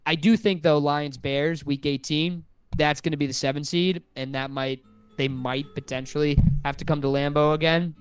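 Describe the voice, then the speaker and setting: Man, podcast co-host, casual sports chat, excited and rambling, slightly high voice, faint music under it. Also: moderate pace, clean tone. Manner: excited, rambling fan talk.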